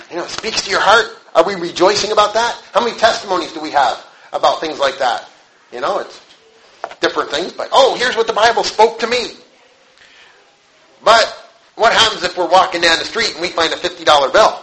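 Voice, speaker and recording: Bright-voiced man preaching a casual sermon. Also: a little high, normal speed, a little hiss or hum, poor audio. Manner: conversational, acts out quotes with animated voices.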